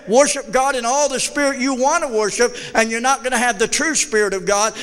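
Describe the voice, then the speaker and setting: A man's voice: sits high, fairly bright tone. A fervent older man preaching a sermon in a church, calling out to the congregation. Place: church hall. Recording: reverberant church hall.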